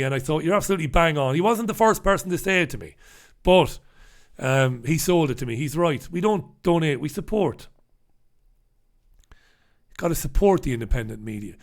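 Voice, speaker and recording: Wry, cursing male newspaper reviewer. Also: on the high side. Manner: wry, casual, swears freely. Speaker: host. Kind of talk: humorous newspaper review on a live stream.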